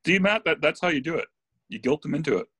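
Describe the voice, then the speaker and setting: Male co-host, teasing wisecracker, husky voice, dry recording. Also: on the high side, expressive, fast, fairly bright tone, no echo. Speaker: podcast co-host. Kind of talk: casual podcast chat.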